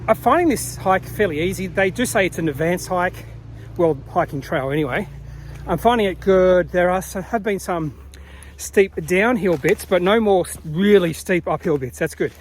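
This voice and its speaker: A man's voice: sits high, a little hiss or hum. A man chatting casually and rambling with fillers while filming himself on an outdoor rainforest trail. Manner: chatty, rambling, lots of fillers and self-corrections. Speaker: hiking vlogger. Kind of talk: casual vlog narration while hiking.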